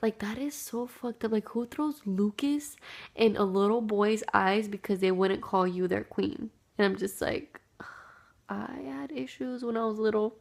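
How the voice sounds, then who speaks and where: A woman's voice: medium pitch, steady tone, measured pace, gravelly, a little mellow. A young woman telling a childhood story to her camera in a casual, chatty way, full of "like" and "dude". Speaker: vlogger.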